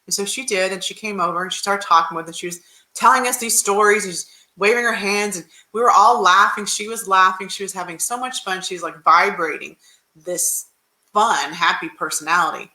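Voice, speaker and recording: A woman's voice: mid-range voice, a little fast, sharp tone, reverberant, poor audio. A woman dating coach telling a story on a livestream, chatty and rambling with many restarts.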